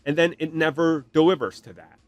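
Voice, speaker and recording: A man hosting a podcast, giving an animated, opinionated rant and mocking other fans in put-on voices. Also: a little high, brisk. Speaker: podcast host. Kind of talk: opinionated solo commentary.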